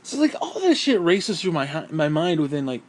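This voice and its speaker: A man's voice: fairly high pitch, sing-song, fairly quick. A man talking through a profane, rambling vlog monologue, short of breath and sighing often. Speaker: vlogger.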